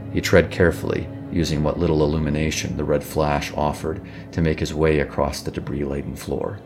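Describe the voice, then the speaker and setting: A man reading a suspenseful story as a narrator, measured and even. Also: very deep voice. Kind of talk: scripted narration.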